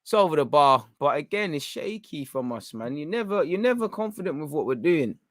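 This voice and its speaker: A young man giving live, excitable reaction commentary on a football match as host of a fan watchalong. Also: on the high side, a little fast, no echo, studio quality. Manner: excitable, urgent, coaching the players.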